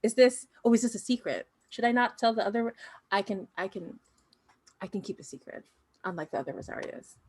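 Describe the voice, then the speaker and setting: Brief: woman putting on a bubbly clone officer, raised pitch, rambling and friendly. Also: steady tone, fast, hardly any pauses, a little mellow, lightly acted. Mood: conspiratorial. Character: chipper clone officer, upbeat and chatty.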